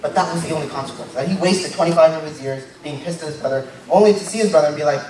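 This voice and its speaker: A young man giving a casual, joking sermon as a lay preacher, tagging his points with quick asides. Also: a little high, a little mellow. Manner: informal and joking, tags lines with "right?". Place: church hall. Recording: very echoey church hall, mic far off. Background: congregation noise.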